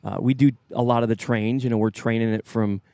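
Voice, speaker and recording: A man's voice: medium pitch, steady tone, a little fast, mellow, smooth, dry recording. A man who co-hosts a casual podcast, rambling and asking follow-up questions. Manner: chatty, asks follow-up questions, rambling with restarts. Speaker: podcast co-host, father. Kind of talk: casual chat.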